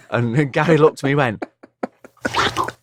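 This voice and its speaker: A hungover former football commentator rambles through anecdotes in a casual podcast chat, acting out other people's lines. His fairly high, somewhat nasal voice moves at normal speed over a very noisy recording.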